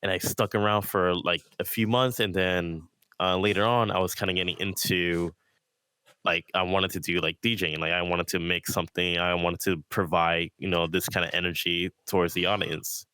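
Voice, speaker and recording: Man, very deep voice, casual podcast guest, rambling fillers, dry close sound. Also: steady tone, normal speed, sharp tone, clean tone, no room sound. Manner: laid-back storytelling with many fillers and laughs. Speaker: guest, VR rave DJ.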